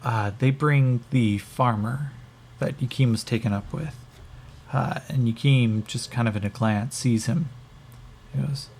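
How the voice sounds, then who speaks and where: Solo game master, gravelly voice, halting think-aloud narration, faint keyboard noise behind. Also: male voice, medium pitch, steady tone, a little mellow.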